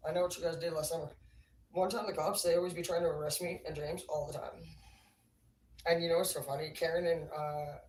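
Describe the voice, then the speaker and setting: A woman's voice: deep voice, steady tone, a little fast, a little mellow, slight background noise. A woman livestreaming, telling rambling stories in a casual, profane, laughing way. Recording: roomy, distant mic, faint ambience.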